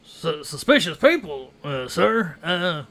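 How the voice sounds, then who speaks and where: A man's voice: fairly high pitch, sing-song, slow, fairly bright tone, full character voice. A man doing a tipsy, stammering ghost dwarf. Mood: flustered. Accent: put-on accent that keeps slipping. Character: drunk ghostly dwarf brewery foreman, fussy.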